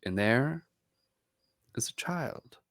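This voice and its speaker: A man narrating as game master in a relaxed, meandering way, with many ums. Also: mid-range voice, drawn-out words, no echo.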